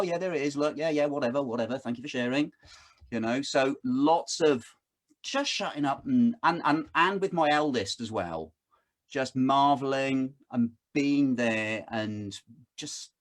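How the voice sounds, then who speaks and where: A man in his fifties talks on a video call in an animated, storytelling way. His pitch rises and falls a lot as he acts out the voices in his stories. He sounds mid-range and easygoing. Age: 50s. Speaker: guest speaker. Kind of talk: casual conversation on a video call.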